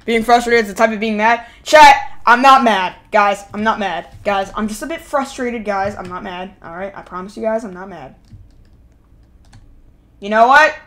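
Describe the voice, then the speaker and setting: A woman live-streaming a game, talking to her chat and yelling at game characters. She swings between shouting and muttering and repeats the same phrases over and over. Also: a little high, moderate pace, few pauses. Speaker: gaming streamer.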